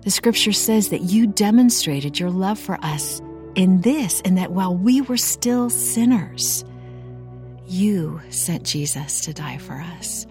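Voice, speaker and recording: A woman's voice: lowish voice, takes it slowly, faint music behind. A middle-aged woman reading a Bible story aloud with expression, then teaching and praying, inviting listeners to repeat after her. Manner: earnest, expressive reading with call-and-response. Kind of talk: devotional Bible reading and prayer.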